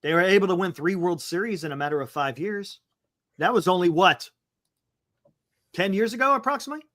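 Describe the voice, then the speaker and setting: A man co-hosting a casual sports talk show, animated and exclamatory, urging listeners to stay calm. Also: high-pitched, a little fast, no room sound, clean studio sound. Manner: animated, exclamatory, calming others down.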